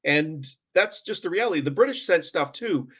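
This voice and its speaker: A man's voice: fairly high pitch, expressive, moderate pace, a bit bright, slightly rough. A man from Canada hosting a casual chat, emphatic and repeating words as he starts sentences. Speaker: host. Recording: dull lo-fi audio.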